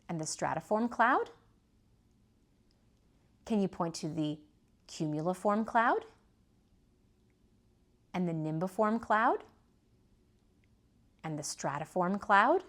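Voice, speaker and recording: A woman teaching a preschool lesson, gently asking children to repeat words and point. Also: medium pitch. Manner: sing-song, asks children to repeat and point.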